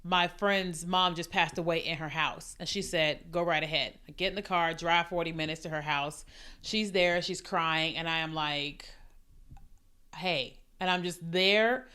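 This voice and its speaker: Bright-voiced woman telling a faith story. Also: medium pitch, smooth. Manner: animated storytelling, acting out quoted voices. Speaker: podcast host. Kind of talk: personal faith testimony.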